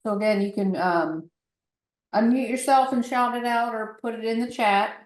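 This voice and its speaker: A woman's voice: a little high, normal speed. A woman moderating a webinar, reading audience comments aloud and inviting questions. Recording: roomy and distant.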